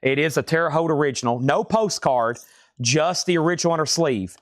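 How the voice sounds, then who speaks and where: A man's voice: fairly high pitch, expressive, brisk, no room sound, clean studio sound. A man hosting a live record sale, rattling off prices and catalog numbers while he has the hiccups. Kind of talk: live-stream auction selling.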